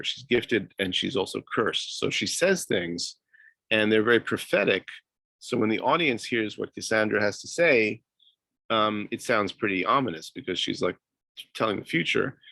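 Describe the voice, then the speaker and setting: Gravelly, hesitant male lecturer. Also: lowish voice, a bit bright, dry recording. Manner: hesitant, many fillers and restarts. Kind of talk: university lecture.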